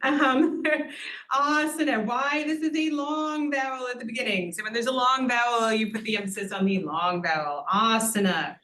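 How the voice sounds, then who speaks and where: A woman's voice: fairly high pitch, moderate pace, fairly bright tone. Woman teaching to a room, light echo. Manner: patient, explanatory, asks "right?" for agreement, lightly humorous. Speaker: Sanskrit teacher. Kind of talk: introductory lecture to an audience. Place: university event room with audience.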